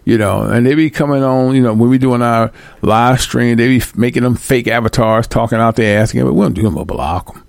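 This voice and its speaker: A man hosting a livestream, talking casually and bluntly with profanity and loud, high-pitched outbursts. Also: a little fast, gravelly, few pauses, no room sound, studio quality. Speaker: livestream host.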